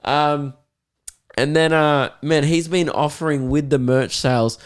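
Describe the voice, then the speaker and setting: A man's voice: a little high, unhurried, smooth. Swearing, laughing Australian man. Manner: swearing, laughing, animated storytelling. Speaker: podcast host. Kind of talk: casual chat.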